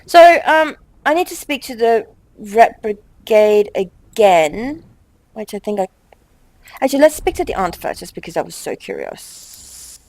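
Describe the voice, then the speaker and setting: A young woman hosting a game let's play, chatting with quick exasperated asides and reading game text aloud. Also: mid-range voice, sing-song, darkish tone, rough recording.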